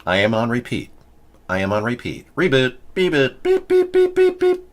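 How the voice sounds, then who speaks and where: A man's voice: fairly low pitch, fairly quick, a bit bright, lightly acted. A man doing a glitching robot on repeat. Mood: malfunctioning.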